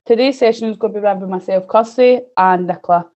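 A woman presenting a children's session and reading a storybook aloud in a clear, gently expressive manner. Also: medium pitch, fast, muffled recording. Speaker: early years student presenter.

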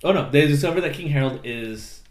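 A man co-hosting a casual podcast, recapping a film with lots of laughter and quick impressions of the characters. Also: medium pitch, expressive, reverberant. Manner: laughing, acts out lines in silly voices. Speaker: podcast co-host. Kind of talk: casual movie recap chat.

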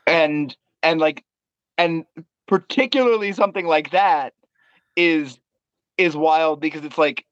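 A man with a somewhat high voice muses about bar work, stumbling over repeated words as he thinks aloud. The sound is dry and a little dull, like a cheap mic. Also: unhurried, long pauses, fairly bright tone, no echo. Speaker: bar worker, co-host. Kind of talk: casual podcast chat.

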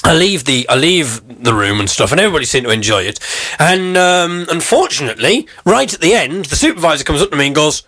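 A man hosting a comedy podcast, telling a story about himself in an animated, self-mocking way. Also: on the high side, fast, hardly any pauses. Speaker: podcast host. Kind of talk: comic storytelling.

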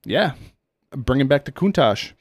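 A man's voice: medium pitch, animated, unhurried, slightly rough, no echo. A man in an easygoing podcast chat, wandering through car news with loose jokes and frequent laughs. His voice sits in a middling register and is recorded dry and close, with no room around it. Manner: joking, rambling, laughs often. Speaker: podcast co-host. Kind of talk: casual chat.

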